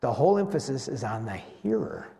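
A man preaching a sermon as pastor, animated and slowing down to stress key words. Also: mid-range voice. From West Michigan. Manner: animated preaching, slows for emphasis. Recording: long hall reverb.

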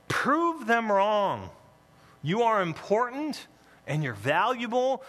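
A man's voice: a little high, sharp tone. A man preaching a sermon as pastor, emphatic, with playful asides to the congregation, in a church. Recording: long reverb in a large hall.

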